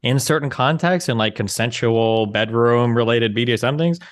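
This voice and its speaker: A man's voice: medium pitch, moderate pace, dry recording. A man, a streamer on a debate panel, firing off emphatic, sarcastic rebuttals. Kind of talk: heated debate.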